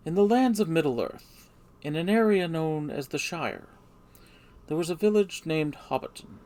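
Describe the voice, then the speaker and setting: A wise old wizard telling a storybook tale in a slow, stately voice that swoops up and down, pitched a little higher and carrying more force, as a man puts him on. It has a rough, gravelly grain. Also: animated, darkish tone. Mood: storytelling. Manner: slow, grand storybook delivery.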